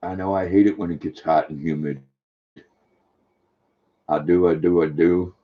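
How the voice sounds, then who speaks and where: A man's voice: low-pitched, fairly even intonation, normal speed, lo-fi sound. An older man hosting a casual live stream, chatting affectionately and talking sweetly to his dog.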